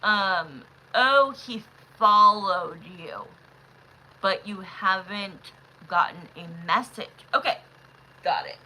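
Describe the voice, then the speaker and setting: Slow-talking, bright-voiced woman tarot streamer. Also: mid-range voice, low-quality recording. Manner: chatty, gushing, calls viewers love and honey; jumps to loud excited bursts. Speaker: livestream tarot reader. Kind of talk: casual live-stream chat with viewers.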